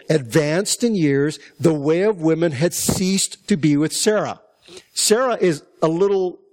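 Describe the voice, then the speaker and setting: A man's voice: on the high side, darkish tone. A man preaching a conversational Bible-teaching sermon, reading verses and asking the listeners questions. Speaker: pastor.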